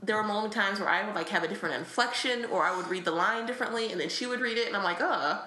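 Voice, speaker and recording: A woman's voice: medium pitch, rapid-fire, pushed and bright, echoey room. A woman co-hosting a podcast, chatting casually about a book, with frequent laughs and fillers. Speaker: podcast co-host.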